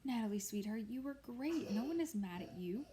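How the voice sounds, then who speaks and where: A woman voicing a worried, gentle father who speaks softly and soothingly, in a storybook reading. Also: a little high, animated, normal speed, noisy background, lightly acted. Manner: soft, soothing.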